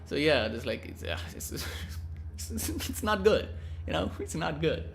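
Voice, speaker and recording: A man's voice: fairly high pitch, wildly swooping pitch, a little slow, creaky, slight background noise. A young man from India rambling casually through a profane, cheeky monologue as a vlogger.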